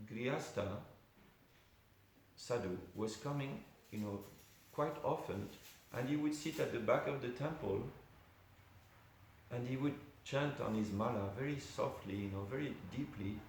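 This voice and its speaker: A man's voice: medium pitch, measured pace, darkish tone. A man giving an informal class at a temple, telling a story conversationally with many asides. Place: temple hall. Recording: very echoey room with faint hiss.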